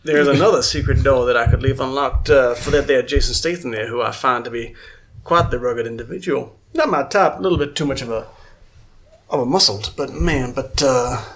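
A man's voice: medium pitch, brisk, fairly bright tone, close to an everyday voice. A man voicing a flirtatious, smug male eel keeper, talking in a folksy drawl full of hesitations. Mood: scheming.

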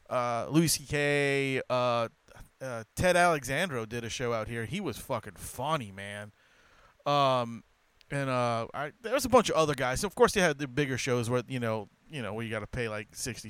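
A man's voice: medium pitch, a bit bright, clean tone, no echo. A man hosting a podcast from New Orleans, chatting casually and swearing freely with lots of fillers. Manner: laid-back, swears freely, many fillers. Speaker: podcast host.

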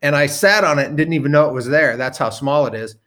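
Man, storytelling, rambling with ums, casual swearing, slightly high pitch. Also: fast talker, fairly bright tone. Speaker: storyteller guest.

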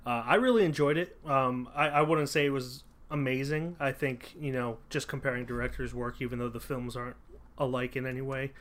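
A man chats casually about movies on a home podcast. He rambles, circles back with fillers and restarts, and speaks at a middling pitch. The room around him has poor acoustics. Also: fairly even intonation, fairly quick, a bit bright. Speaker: podcast co-host.

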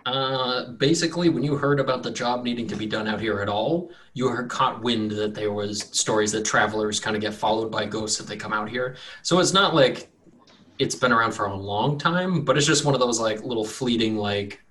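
A man's voice: medium pitch, normal speed, fairly bright tone. A man narrating as game master in a loose, joking way. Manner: loose, joking, filler-heavy.

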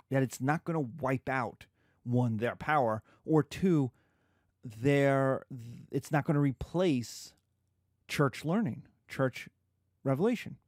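A history teacher gives a classroom lecture in an animated, conversational way, acting out scenes as he talks. His mid-range voice is recorded at studio quality with no echo.

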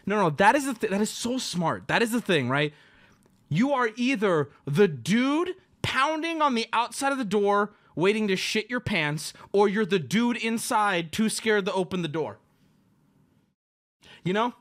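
Animated high-voiced man telling crude stories. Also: a little slow. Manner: crude, animated, acts out other people's lines. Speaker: streamer host. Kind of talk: casual storytelling rant.

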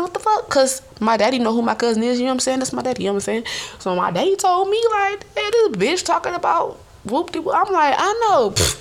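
Woman podcast host, blunt and cussing, voice jumping all over. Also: mid-range voice. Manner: blunt, profane, animated storytelling. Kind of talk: casual storytelling monologue. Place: studio.

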